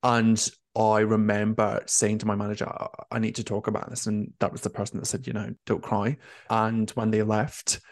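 A man's voice: fairly low pitch, completely flat delivery, a little fast, hardly any pauses, no room sound, studio quality. A young man, a nurse turned career coach, talking openly and emotionally in an interview, with lots of "like" fillers. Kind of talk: candid conversational interview.

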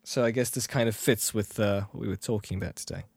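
A man's voice: lowish voice, quick pace, vocal fry, darkish tone, breathy edge, dry recording. A man co-hosting a casual podcast, rambling and self-deprecating, with his voice often trailing off. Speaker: podcast co-host.

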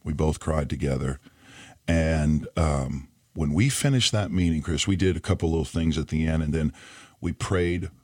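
A man who is a pastor, telling an emotional story on a podcast, earnest and pausing often. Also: extremely low pitch, a little mellow, no echo, clean studio sound. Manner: earnest, emotional retelling with pauses.

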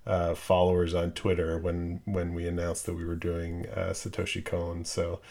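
A man's voice: deep voice, monotone, moderate pace, creaky, dark tone. A man co-hosting a film podcast, talking casually and hesitantly with many fillers and restarts. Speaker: podcast co-host.

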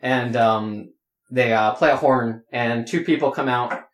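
A man's voice: medium pitch, a little slow. A man running a tabletop game as game master, rambling with many fillers. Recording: roomy echo.

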